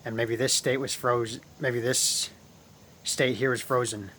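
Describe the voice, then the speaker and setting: Steady and mid-range, a touch bright and a little slow, this man's voice comes with a faint hiss or hum. Hosting his own channel, he rambles about spiritual ideas, repeats himself often, and refers to his viewers as guys.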